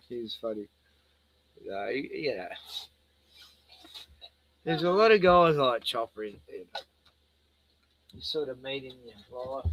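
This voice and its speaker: A man's voice: mid-range voice, lively intonation, slow pace, pauses often, background noise. A middle-aged man with an Australian accent chatting casually, laughing a lot and breaking off to talk to his pets in a playful singsong. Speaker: vlogger. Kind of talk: casual rambling chat.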